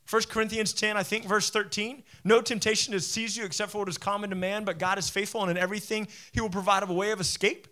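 A man in his forties preaching a sermon as a pastor, animated and conversational, often self-deprecating. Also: sits high, quick pace, hardly any pauses.

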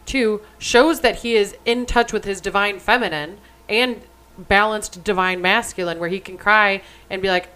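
A young woman co-hosting a podcast with a smooth, clear voice at an ordinary pitch. She talks in loose, casual chat, blunt and emphatic, with plenty of swearing. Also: steady tone, moderate pace, bright, forceful tone, low-quality recording. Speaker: podcast co-host.

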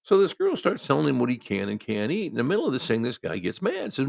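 Fast-talking gravelly storyteller man. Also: mid-range voice, huge pitch swings, dry recording. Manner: rambling, many restarts and fillers. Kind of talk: casual spoken anecdote.

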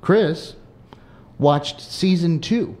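A man co-hosting a casual local talk show, teasing his co-hosts and pitching jokes. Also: extremely slow, darkish tone. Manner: joking, teasing. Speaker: co-host. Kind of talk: casual chat.

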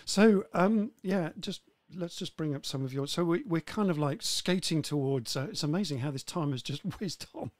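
A man's voice: fairly high pitch, moderate pace, few pauses, dry recording. A man hosting a live-stream talk show, chatty and full of praise for his guest.

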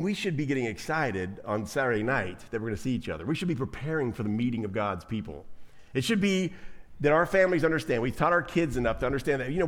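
Man, pastor, preaching a sermon, slightly high voice, very expressive pitch, animated delivery, repeats words. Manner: animated preaching, acts out quoted voices, frequent repetitions.

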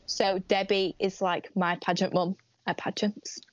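A woman's voice: medium pitch, level tone, a little slow, no room sound. Teen girl from the uk chatting in a live interview, lots of ums and likes, dull muffled audio. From United Kingdom. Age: teens. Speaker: interview guest, teen pageant winner. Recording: dry, dull lo-fi stream audio.

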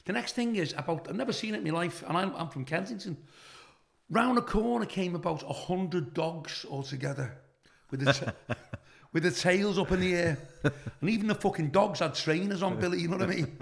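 A middle-aged comedian from the UK spins a swearing-laden anecdote, slipping into the voices of the people he describes. His voice sits a little high, with a gravelly rasp underneath. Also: brisk. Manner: animated, acts out the people in his stories. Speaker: comedian guest. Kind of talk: profane anecdote storytelling.

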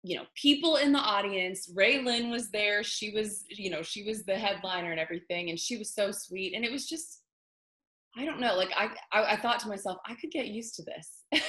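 A woman's voice: mid-range voice, sharp tone. A young woman, a country singer, chatting casually in an interview with lots of fillers. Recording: echoey room.

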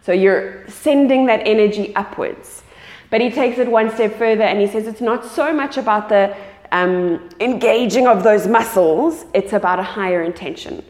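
A woman's voice: mid-range voice, moderate pace, a little mellow. Yoga teacher woman in an echoey studio. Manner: guiding, checks in with frequent "okay". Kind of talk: live yoga class instruction. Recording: echoey studio with long reverb.

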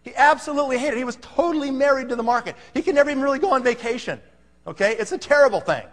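A man's voice: very high voice, animated, very fast, in a large hall. A man presenting at a business seminar, telling a story to a live audience in an emphatic, conversational way and often checking in with "okay?".

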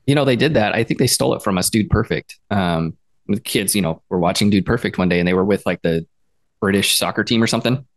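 A man's voice: lowish voice, quick pace. A man co-hosting a podcast, chatting casually and telling rambling stories. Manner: rambling storyteller, reads labels aloud. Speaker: podcast co-host. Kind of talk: casual chat.

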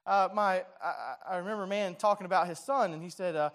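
A man's voice: high voice, quick pace, a bit bright. A man preaching a sermon as pastor, conversational and self-deprecating, often stumbling and restarting his words.

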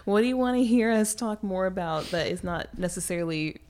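A woman co-hosting a podcast in a casual book discussion, animated, laughing often and acting out quoted lines. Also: mid-range voice, a little fast. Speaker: podcast co-host.

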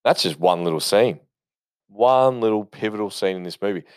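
A man's voice: lowish voice, normal speed, clear, resonant tone, dry recording, studio quality. A man giving casual, rambling movie commentary, full of swearing and fillers and eager about what he loves. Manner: rambling, profane, enthusiastic storytelling with many fillers.

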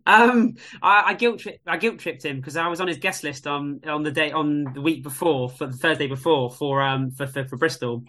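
Bright, lively man telling stories. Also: fairly high pitch, moderate pace, hardly any pauses. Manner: animated storyteller, lively quoted voices. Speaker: guest, music venue tech. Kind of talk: casual chat.

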